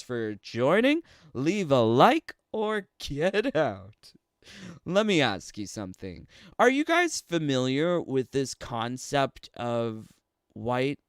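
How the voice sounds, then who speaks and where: Recorded in clean studio quality with no room sound, a man with a smooth, medium-pitched voice and a Canadian accent delivers a casual livestream rant. This streamer and commentator keeps things sarcastic and laughs frequently between his phrases.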